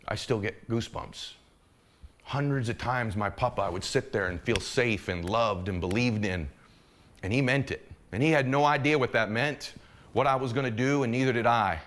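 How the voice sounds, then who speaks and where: A middle-aged man giving a motivational speech, impassioned and swinging between urgent and hushed, intimate moments. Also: mid-range voice, normal speed. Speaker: motivational speaker.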